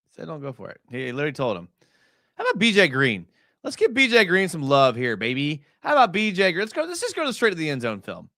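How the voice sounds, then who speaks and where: A young man hosting a casual live stream. He breaks down game film in a chatty way, full of fillers, and gets excited as he talks. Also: fairly high pitch, fast talker, no room sound, clean studio sound.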